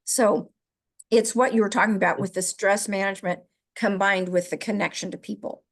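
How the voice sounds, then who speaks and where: A woman's voice: medium pitch, fairly even intonation, a little fast. Middle-aged woman, podcast co-host, from the Midwest, emotional, laughs while talking. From American Midwest. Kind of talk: casual podcast conversation.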